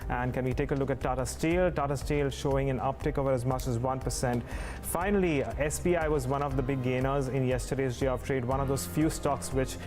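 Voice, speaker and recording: A man's voice: mid-range voice, fairly even intonation, fairly quick. A man with an Indian English accent giving a live stock market update as a reporter. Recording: music bed under studio voice.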